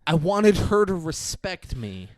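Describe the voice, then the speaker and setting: A man acting out a desperate young man who confesses and pleads his case, a rushed, pleading delivery. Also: a little high, sing-song, no room sound, studio quality.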